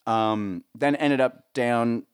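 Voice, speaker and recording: A middle-aged man from the States chats as an interview guest, telling long stories about backstage work. He rambles and leans on fillers, and his voice sits in a plain middle pitch. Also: takes it slowly, clean tone. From United States. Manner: rambling, lots of fillers, animated voices when quoting. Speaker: guest, live sound rigger. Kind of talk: casual storytelling interview.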